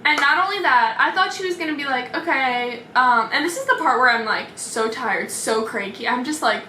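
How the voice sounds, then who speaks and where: Chatty young woman, bright echoey vlog voice. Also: high voice, a little fast, hardly any pauses, slight background noise. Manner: chatty, dramatic, many "like" fillers, mimics voices. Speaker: vlogger. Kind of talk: storytime vlog. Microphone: camera mic. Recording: echoey room, slightly far from mic.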